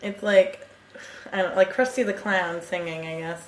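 A woman's voice: on the low side, steady tone, normal speed. Chatty swearing woman in an echoey room. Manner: chatty, swears, laughs often. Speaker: podcast co-host. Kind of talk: casual chat. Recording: echoey room with faint ambient noise.

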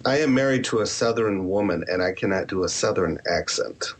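A man's voice: on the low side, lively intonation, brisk, a little hiss or hum. A man who writes horror and podcasts, answering interview questions in a candid, rambling way with self-deprecating asides. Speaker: author and podcaster.

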